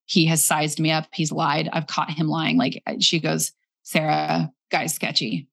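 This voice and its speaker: A young woman casually telling a personal story, animated and acting out the voices of the people in it. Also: low voice, a little slow, gravelly. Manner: animated, acts out quoted voices. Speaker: guest telling her story.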